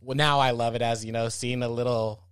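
A man's voice: medium pitch, steady tone, brisk, fairly bright tone, clean tone, no room sound. Slangy laid-back man, dry sound. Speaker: podcast co-host. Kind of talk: casual chat.

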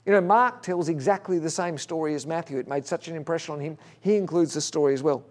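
A high-pitched man delivers a sermon. He talks casually and tells stories with animated restarts. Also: quick pace. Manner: conversational, animated storytelling with restarts. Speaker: pastor.

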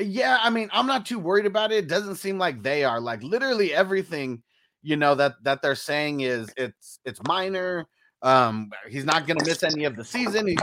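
A man's voice: on the high side, fairly bright tone. A man hosting a casual sports talk show, loose and profane, laughing often between points. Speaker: podcast host.

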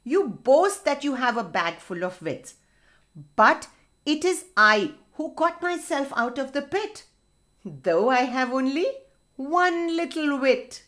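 A sensible old male hedgehog in a children's tale, warning and then teasing his boastful friend, played by a woman. His voice is raised and bouncy. He speaks slowly and deliberately. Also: fairly high pitch, big pitch swings. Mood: mocking. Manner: cautious, then mocking. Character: wise old male hedgehog, cautious and cheeky.

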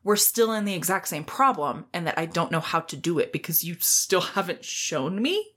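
Lively low-pitched woman telling a story. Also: normal speed, husky. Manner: animated storytelling, acting out quotes in a high voice. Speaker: podcast co-host. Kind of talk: casual chat.

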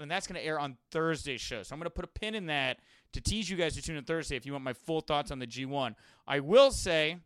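A young man hosting a podcast, telling rambling, animated anecdotes in a casual monologue. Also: on the high side, smooth, no room sound, clean studio sound. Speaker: wrestling podcast host.

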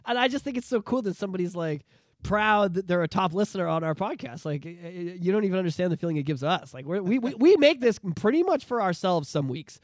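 A man co-hosting a podcast, telling stories in a rambling, animated way with many restarts. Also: high voice, fast talker, no room sound, clean studio sound. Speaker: podcast co-host. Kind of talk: casual podcast chat.

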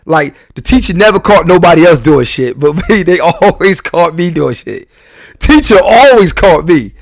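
A man's voice: a little high, sing-song, moderate pace, gravelly, dry recording. A man hosting a podcast, talking candidly in a rambling, confessional way full of slang and restarts. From New York. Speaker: podcast host.

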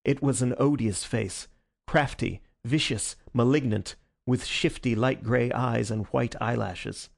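A man reads a detective story in a measured, even manner. His mid-pitched voice carries a gravelly texture throughout. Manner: measured, even reading with calm character dialogue. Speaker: narrator. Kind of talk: audiobook reading of a detective story.

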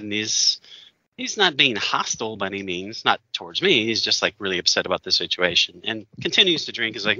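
A man with a very bright, forceful voice recounts a story in a loose, animated way, jumping into other people's voices as he goes. The sound is dry and a little dull, as if close-miked on modest gear. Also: on the low side, brisk, no echo. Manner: animated, acts out quoted voices, laughs often. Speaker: podcast co-host. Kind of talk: casual storytelling chat.

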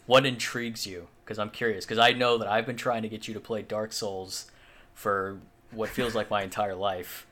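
Low-voiced man rambling in casual chat. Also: level tone, moderate pace, bright, forceful tone, a little hiss or hum. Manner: rambling, filler-heavy, swears casually. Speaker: podcast co-host.

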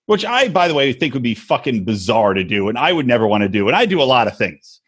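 A man's voice: mid-range voice, fairly quick, breathy edge. A man co-hosting a casual podcast about reality TV, ranting in a crude, mocking way. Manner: crude, animated, mocking rants. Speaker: podcast co-host.

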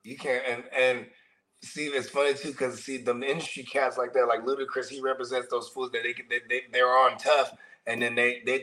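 A man's voice: mid-range voice, bright, forceful tone, poor audio. A man co-hosting a casual podcast chat, talking in laid-back slang and swearing freely as he chimes in. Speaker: podcast co-host.

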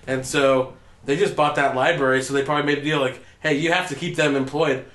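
A man's voice: medium pitch, fairly even intonation, brisk, a bit bright. Joking man in an echoey room. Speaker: podcast co-host. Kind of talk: casual chat.

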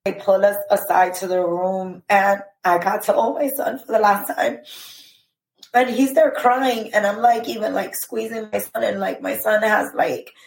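A woman telling a painful personal story as a podcast guest, emotional and halting, with many fillers. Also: mid-range voice, creaky, roomy sound, rough recording.

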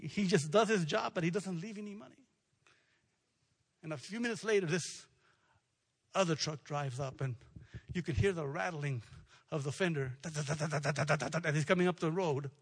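A man's voice: sits high, breathy edge. A man preaching a sermon, telling a story and building to emphatic, repeated declarations. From South Texas. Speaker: pastor.

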